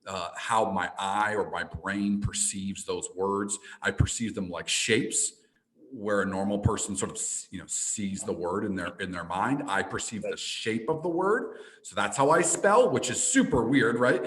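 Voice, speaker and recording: A man, an entrepreneur and speaker, telling a personal story as a podcast guest, with frequent restarts and animated delivery. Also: lowish voice, moderate pace, rough recording. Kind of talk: storytelling in a casual interview.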